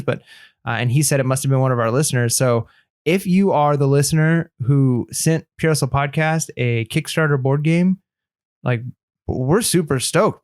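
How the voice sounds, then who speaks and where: A married man co-hosting a podcast who rambles in a friendly, filler-heavy way. His pitch is middling, and the recording is close and dry, with no echo. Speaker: podcast co-host. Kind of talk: casual podcast chat.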